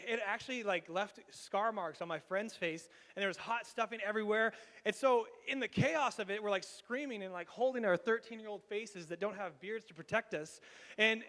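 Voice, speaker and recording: This is a Canadian pastor preaching a sermon built around a story, his voice fairly high and echoing with long hall reverb through the sanctuary. His delivery is lively, with laughter and fast restarts.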